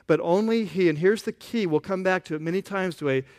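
Man, pastor, high-pitched, casual sermon, asks the crowd questions. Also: a little fast, darkish tone. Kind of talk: conversational sermon.

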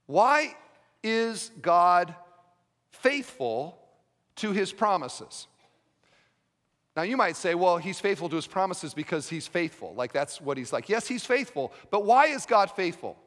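A man preaching a sermon as pastor, emphatic, with rhetorical questions and sudden drops to a quiet voice. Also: high voice, sing-song, measured pace, big-room sound.

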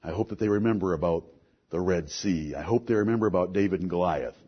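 A middle-aged man preaching a sermon, earnest, moving between soft asides and forceful lines. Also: deep voice, fast, breathy edge, lo-fi sound.

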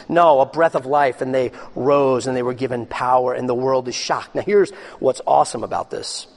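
A man preaching a sermon as pastor, swinging between loud excited bursts and low hushed lines. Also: fairly quick, few pauses.

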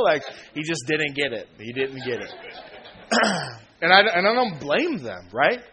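A man in his thirties preaching a sermon in a relaxed, slangy way, acting out conversations with old friends. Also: on the high side, slow, pauses often, crowd noise. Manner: casual, slangy, acts out quoted friends with laughs. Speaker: pastor.

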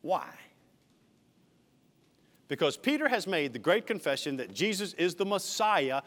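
A man's voice: high-pitched, big pitch swings, fairly quick, a bit bright. A man preaching a sermon as senior pastor, emphatic with shifting dynamics. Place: church sanctuary. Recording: reverberant church hall.

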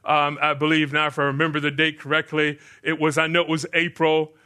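A man's voice: fairly high pitch, completely flat delivery, a little fast, bright, forceful tone, clear, resonant tone. An older man preaching a sermon, asking the congregation rhetorical questions and answering them himself. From United States. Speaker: pastor.

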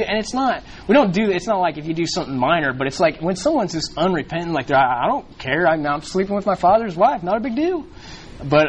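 A man teaches scripture to a small group in an easy, unscripted way, circling back and restarting his sentences often. His voice sits a little high for a man. A faint hiss of noise runs under the recording. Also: rough recording. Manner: rambling, frequent fillers and restarts. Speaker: bible study leader. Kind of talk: casual bible teaching.

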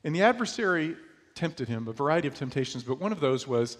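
A man's voice: on the high side, expressive, fast, big-room sound. A man from New York preaching a sermon in a conversational way, often asking his listeners rhetorical questions. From New York, USA. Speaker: pastor.

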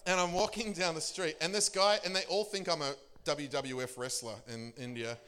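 Animated man preaching a sermon. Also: moderate pace, smooth. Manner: animated storyteller, laughing often, pitch leaping for emphasis. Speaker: pastor. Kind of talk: sermon testimony.

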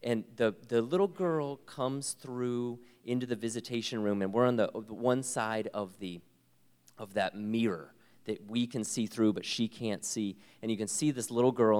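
A man with a low voice tells an emotional story as a guest, earnest and halting. He stops, restarts, and sometimes sinks to a hushed whisper. A long room reverb trails behind his words. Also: clear, resonant tone. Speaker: guest speaker, ministry worker.

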